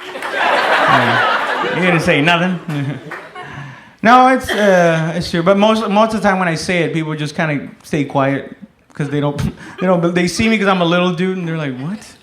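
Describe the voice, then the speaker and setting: On a comedy club stage, a stand-up comedian in his thirties tells stories in a laid-back way, swearing often and shouting other people's lines. His voice is high-pitched, expressive and unhurried. The echoey recording carries loud laughter and a little hiss or hum.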